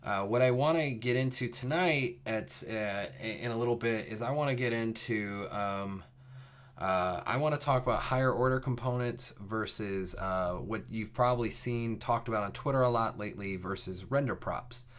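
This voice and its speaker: Before starting the lesson on his live coding stream, a young man chats loosely with viewers at a moderate pace. His voice is lowish and fairly bright, and his rambling talk is thick with fillers and restarts.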